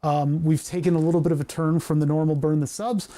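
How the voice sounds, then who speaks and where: A hobbyist streamer talks casually from a home workshop in a mellow, darker tone at a middling pitch. The talk wanders, full of ums, restarts and the odd swear word. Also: level tone, fast. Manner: rambling, with many fillers, restarts and casual swearing. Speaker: electronics livestream host. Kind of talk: casual livestream chat.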